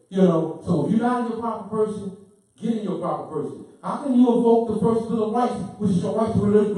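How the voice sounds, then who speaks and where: A man giving an impassioned lecture, preaching fervently and repeating points, sometimes loud. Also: very high-pitched. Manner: fervent, preaching, repeats himself, gets loud then apologizes. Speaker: speaker. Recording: roomy, from far off the mic.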